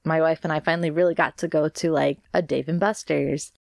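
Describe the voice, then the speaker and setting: A congested woman chats through a solo podcast episode with an upbeat, rambling manner. Her voice sits low and gravelly, and the recording is dry and close. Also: fairly even intonation, a little fast, darkish tone, no echo. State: congested from allergies. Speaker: podcast host. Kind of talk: casual solo podcast chat.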